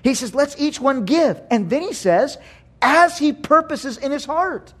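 A man with a high voice preaching a sermon to his church. He acts out quotes and swings between loud and hushed lines. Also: expressive, a little slow. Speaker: pastor.

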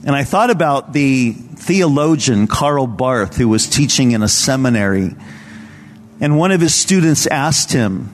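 A man's voice: medium pitch, expressive, a little slow, big-room sound. A man preaching as a pastor at a church service, telling stories in a casual, earnest way. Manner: conversational, earnest storytelling. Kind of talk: sermon.

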